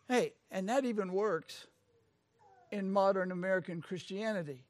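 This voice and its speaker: A man preaching a sermon, swinging from low conversational asides to loud, proclaimed passages. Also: normal speed, no room sound. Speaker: pastor.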